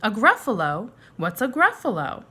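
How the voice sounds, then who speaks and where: A woman's voice: on the high side, huge pitch swings, moderate pace, bright, forceful tone, breathy edge, full character voice. A woman voicing a hungry, easily scared owl in a storybook read-aloud. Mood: inviting.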